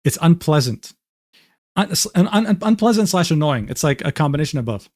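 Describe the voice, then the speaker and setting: A male streamer in casual, profane commentary, his voice sitting a little high for a man. The sound is close and dry, with no room around it. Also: sing-song, fairly quick, no echo. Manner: casual, swears freely, laughs often. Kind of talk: casual commentary reading DMs aloud.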